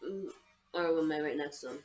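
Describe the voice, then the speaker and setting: A woman's voice: sits low, a little fast, darkish tone, soft background music. A woman playing a tabletop game, speaking hesitantly and asking questions. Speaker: player. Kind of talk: casual chat at a game table.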